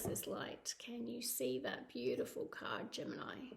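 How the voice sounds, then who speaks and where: A woman's voice: mid-range voice, big pitch swings, unhurried, vocal fry, hardly any pauses. A woman with a Scottish accent giving a monthly tarot reading to camera, effusive and emotional, often checking in with "okay?". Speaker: tarot reader. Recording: roomy echo.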